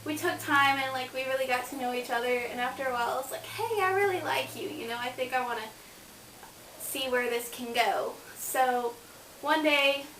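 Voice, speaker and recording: A woman's voice: high-pitched, moderate pace, sharp tone, distant mic. A young adult woman, a college student, chatting casually and bubbly about her life, with lots of "like" fillers. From Kansas. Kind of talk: casual personal storytelling vlog. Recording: roomy, off-mic, faint hiss.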